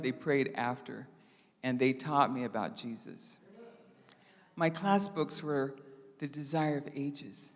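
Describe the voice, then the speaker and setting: A woman in her sixties preaching a storytelling sermon in a lively, laughing way, acting out conversations from her past. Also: deep voice, big-room sound. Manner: lively, laughing, acts out dialogue. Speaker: guest preacher. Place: church sanctuary.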